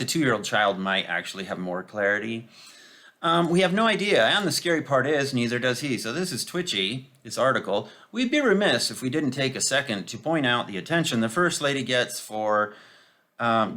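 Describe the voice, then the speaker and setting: A man giving a casual, sarcastic political commentary, full of mocking asides and hesitant filler pauses. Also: on the low side, pushed and bright.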